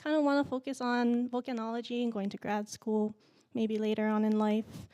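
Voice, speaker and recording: A young woman from Hawaii, giving a nervous, halting student presentation full of fillers. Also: fairly high pitch, flat delivery, dark tone, smooth. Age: young adult. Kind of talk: symposium presentation.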